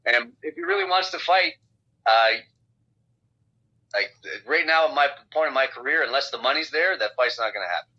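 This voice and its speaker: A man's voice: medium pitch, animated, normal speed, pushed and bright. A man being interviewed as a guest fighter over a phone call, talking bluntly in a rambling way with lots of swearing. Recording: dull lo-fi phone line.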